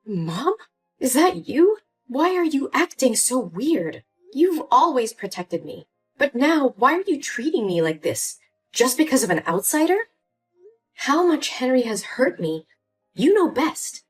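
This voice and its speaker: A woman's voice: sits high, big pitch swings, measured pace, husky, faint music behind, full character voice. A woman voicing an upset young adult daughter in a dramatized story, pleading and indignant. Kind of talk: scripted story voice acting.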